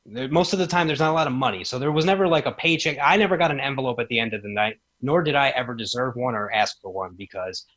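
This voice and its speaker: A man in his thirties, a former wrestling promoter appearing as a podcast guest, tells casual stories and acts out quoted lines in a raised voice. His mid-range, slightly bright voice moves with lively intonation at a quick pace, hardly pausing.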